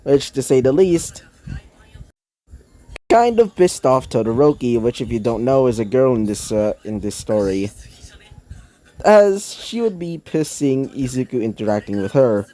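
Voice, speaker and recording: A man's voice: medium pitch, expressive, measured pace, mellow, soft background music. A man reading his own fan fiction aloud in a casual, rambling way, with many fillers and self-corrections. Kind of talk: casual storytelling narration.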